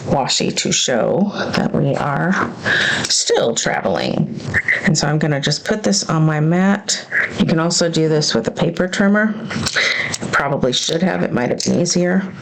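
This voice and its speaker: A woman's voice: sits low, slight background noise, rough recording. A woman planner vlogger thinking aloud as she crafts, hesitant and self-questioning as she works out her choices.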